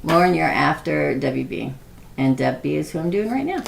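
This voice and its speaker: A woman's voice: low-pitched, sing-song, moderate pace, creaky, a little hiss or hum. A middle-aged woman doing a chatty live-stream tarot reading, laughing often and talking to viewers by name. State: prone to losing her voice. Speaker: tarot reader.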